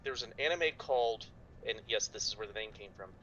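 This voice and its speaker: A hesitant man who rambles as a tabletop game player. His voice is bright and fairly high, heard on a muffled, distant mic with a low hum behind it. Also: brisk. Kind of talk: casual chat.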